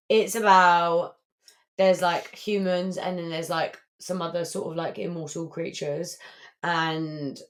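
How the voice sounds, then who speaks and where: A woman's voice: fairly low pitch, little pitch movement, takes it slowly, long pauses. A young woman, co-hosting a podcast in casual chat, gushing and saying "like" constantly. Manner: gushing, heavy use of filler "like". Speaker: podcast co-host.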